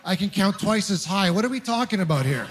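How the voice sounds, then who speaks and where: A man in his thirties from Ontario doing a stand-up comedy set, telling stories with animated, acted-out voices. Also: high voice, a little fast, noisy background. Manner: animated storytelling, acting out voices. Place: comedy club stage with audience.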